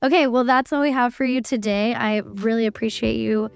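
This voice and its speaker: A woman hosting a podcast in casual, enthusiastic chat, talking in quick bursts. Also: a little high, creaky, clear, resonant tone, dry recording, clean studio sound. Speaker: podcast host.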